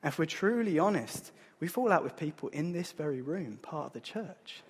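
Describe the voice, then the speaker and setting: Husky man preaching in a hall. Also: fairly high pitch, animated, normal speed. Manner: earnest, conversational preaching with rising emphasis. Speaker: pastor. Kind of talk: sermon. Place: church hall. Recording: long hall reverb.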